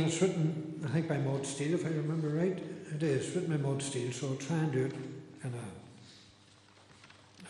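Chatty sing-along leader. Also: male voice, mid-range voice, darkish tone. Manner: chatty, jokey, quick asides. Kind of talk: casual host patter. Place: church hall. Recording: roomy hall with music behind.

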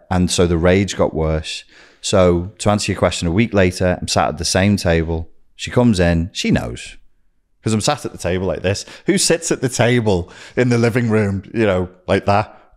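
A man with a notably low, deep voice talks candidly as a podcast guest. He is blunt and sweary, and he slips into the voices of the people he quotes as he tells his story. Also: lively intonation, moderate pace, a little mellow. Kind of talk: candid personal storytelling in an interview.

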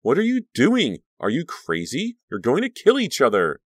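A man voicing a worried, caring teenage girl who soothes her friend, pitching his voice up. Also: sing-song, moderate pace, no echo, studio quality. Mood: alarmed.

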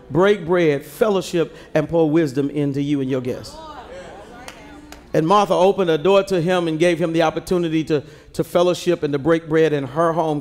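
A male pastor preaching a sermon from the pulpit, building to shouts and calling on the congregation to answer him. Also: a little high. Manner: preaching with rising shouts and call-and-response to the congregation. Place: large church sanctuary. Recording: live church recording with long hall reverb.

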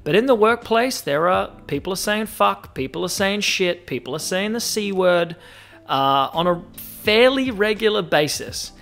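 Animated Australian man hosting a podcast. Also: high voice, creaky, soft background music. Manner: animated, joking, drawn-out stresses on lists. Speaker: podcast host. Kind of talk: casual solo podcast monologue.

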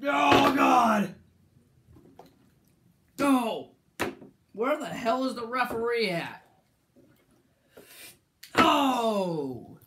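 A man doing excited play-by-play commentary for a figure wrestling show, bursting into shouted calls and putting on a ring announcer's delivery. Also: very high voice, drawn-out words, pauses often, noisy background.

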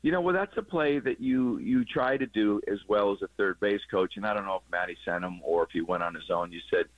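Deep-voiced man breaking down baseball plays. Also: fairly quick, no room sound. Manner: explanatory, chuckling at his own jokes. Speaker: former third base coach, radio guest analyst. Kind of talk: casual sports radio chat. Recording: dull lo-fi broadcast audio.

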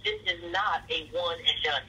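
A woman co-hosting a casual faith podcast, speaking in a measured, gently sermonizing way. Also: lowish voice, husky, low-quality recording. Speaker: podcast co-host.

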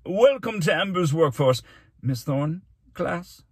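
A pompous, quick-tempered city mayor, as a deep-voiced man puts him on for a storybook reading, booming his words out slowly. The voice jumps far above the reader's own low, husky tone and stays dry and close. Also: animated, darkish tone, no echo, full character voice. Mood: falsely polite. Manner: booming, drawn-out scolding.

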